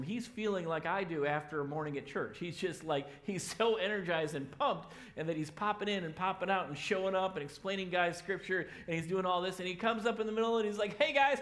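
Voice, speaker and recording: Brief: loud, energetic pastor preaching in church, man with a fairly high voice. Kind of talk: sermon.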